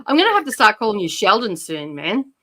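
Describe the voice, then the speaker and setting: A woman's voice: mid-range voice, sing-song, brisk, bright, forceful tone. A woman with an Australian accent co-hosting a live stream, chatting casually and laughing often. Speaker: livestream co-host.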